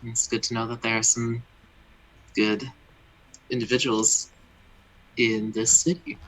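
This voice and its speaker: A man's voice: medium pitch, level tone, unhurried, a bit bright, rough recording. A man voicing a polite, guarded male adventurer in a tabletop game, speaking courteously in a raised voice.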